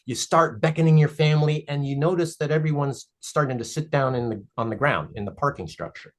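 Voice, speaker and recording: A man voicing a calm, wise female spirit guide, telling a gentle parable in his own plain voice. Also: a little high, a little fast, close to an everyday voice. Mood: patient.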